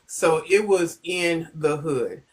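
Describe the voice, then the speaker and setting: A woman's voice: sits low, slow pace. A middle-aged woman from Chicago telling a personal story on a phone livestream, rambling and stopping to greet viewers. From Chicago, United States. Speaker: host of a livestream.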